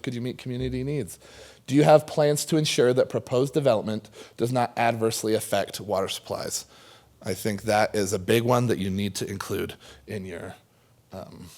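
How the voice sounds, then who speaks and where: A man finishing a conference panel presentation, running through a list of questions and then thanking the audience in a relaxed way. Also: medium pitch.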